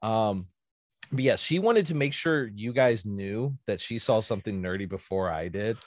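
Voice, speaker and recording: A man's voice: lowish voice, lively intonation, moderate pace, no room sound. A man hosting a podcast in casual chat, telling a story animatedly and acting out quotes. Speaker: podcast host.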